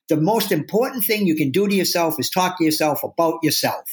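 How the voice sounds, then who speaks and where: Earnest man, fairly high voice. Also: lively intonation, normal speed, hardly any pauses. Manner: earnest, acts out inner voices. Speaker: guest author. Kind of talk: reflective interview talk.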